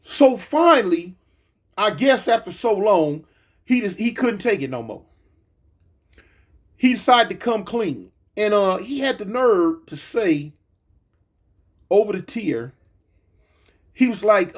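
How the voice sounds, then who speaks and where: A man with a high voice tells an old story in a loose, casual way. He is middle-aged and from California. He talks in animated bursts full of fillers and repeats, and often acts out what other people said. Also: measured pace, pauses often. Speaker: former gang member telling prison stories.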